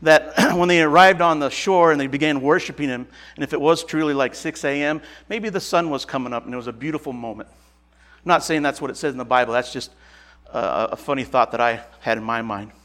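In a mid-range, fairly bright voice and a fairly quick pace, a Nebraska man preaches informally. He retells a Bible story with folksy ease, often chuckling, correcting himself and beginning again.

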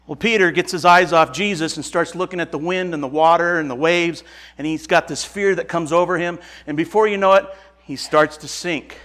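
A man's voice: a little high, a little fast, a bit bright. A man from Nebraska giving an informal sermon, retelling a Bible story in a casual, folksy way with frequent restarts. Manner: casual and folksy, chuckles and self-corrects often. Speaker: preacher.

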